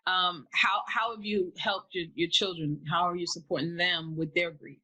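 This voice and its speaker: Bright-voiced woman host asking questions. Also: on the low side, steady tone, moderate pace, poor audio. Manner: supportive, affirming. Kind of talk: interview questions.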